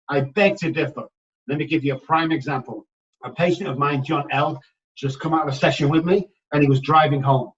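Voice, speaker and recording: A man with a fairly high voice talks as a podcast guest, energetic and emphatic as he tells stories. The mic sits a little away from him and the sound is dull. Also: brisk, far from the mic. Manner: energetic, emphatic, addresses listeners as guys. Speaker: addiction recovery expert guest. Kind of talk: animated podcast storytelling.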